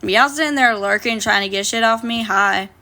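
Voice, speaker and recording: Her voice is on the high side, bright and forceful, at normal speed. The young woman is livestreaming casually from her phone, reading comments from viewers aloud and firing back bluntly with heavy swearing.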